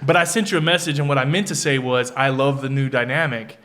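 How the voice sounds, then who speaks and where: A middle-aged man from Houston, chatting casually as a podcast host over drinks. He tells stories in a lively way and acts out his own messages as he goes. His voice sits at an ordinary pitch for a man. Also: fast. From Houston, Texas. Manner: animated storyteller, acts out his own texts.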